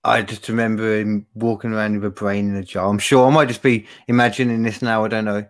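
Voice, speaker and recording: A man in a casual podcast chat, thinking aloud and reacting with sharp disbelief. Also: on the low side, level tone, fast. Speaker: podcast co-host.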